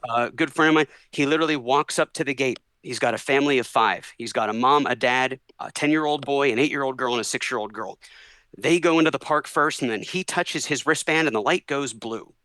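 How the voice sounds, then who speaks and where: A man telling a long story as a podcast guest in a casual, animated way, acting out the people he quotes. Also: medium pitch, brisk, dry recording, poor audio. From Orlando, Florida area. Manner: animated, acts out voices in quotes.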